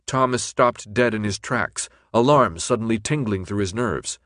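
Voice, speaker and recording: A man reading a novel aloud in even, measured scripted narration. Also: lowish voice, no echo, clean studio sound. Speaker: audiobook narrator.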